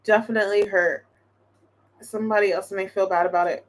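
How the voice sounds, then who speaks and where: A woman's voice: medium pitch, steady tone, a little fast. A woman giving a casual tarot reading to her viewers, thinking aloud in a chatty way with lots of restarts. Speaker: tarot reader.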